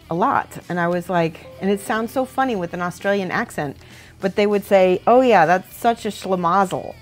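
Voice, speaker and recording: A woman hosting a livestream, chatting casually while she works, thinking aloud and laughing often. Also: mid-range voice. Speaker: livestream host painting models. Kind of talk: casual chat while working.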